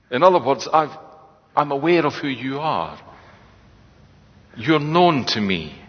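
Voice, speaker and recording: Man, sermon, reflective conversational preaching, husky, long hall reverb, muffled lo-fi. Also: mid-range voice, expressive, unhurried. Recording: echoey hall, dull lo-fi sound.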